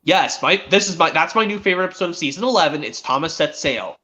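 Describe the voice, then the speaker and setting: A man hosting a stream, chatting excitedly as a fan and rambling with frequent restarts. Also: on the high side, quick pace. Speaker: stream host. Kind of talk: casual fan chat. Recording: dull lo-fi stream audio.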